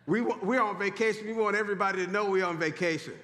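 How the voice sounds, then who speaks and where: A man preaching a sermon in animated call-and-response style, urging the congregation to repeat after him. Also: high voice, fast. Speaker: pastor. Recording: echoey hall.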